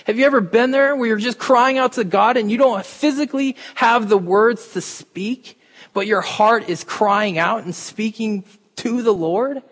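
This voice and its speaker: A man's voice: high voice, a little slow, a bit bright. A man, a pastor, giving an informal, conversational sermon and talking straight to his congregation in a church. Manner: informal, talks to the congregation directly. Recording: reverberant hall.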